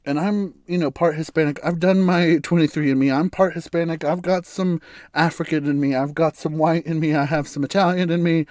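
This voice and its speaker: A man's voice: a little high, steady tone, a little fast, darkish tone, no room sound, clean studio sound. A man hosting a solo podcast, talking candidly and bluntly, swearing freely and laughing often. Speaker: podcast host. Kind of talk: casual solo podcast monologue.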